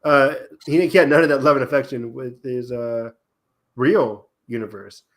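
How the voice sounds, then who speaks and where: A man co-hosting a podcast, excitedly retelling TV episode scenes in casual chat. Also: mid-range voice, moderate pace. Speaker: podcast co-host.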